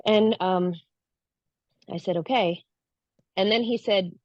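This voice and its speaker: A woman's voice: medium pitch, slow pace, darkish tone, no echo. Woman earnestly retelling a spiritual story. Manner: earnest, acts out her own past lines. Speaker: guest recounting a spiritual experience. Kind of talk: casual personal storytelling. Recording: dull lo-fi, dry sound.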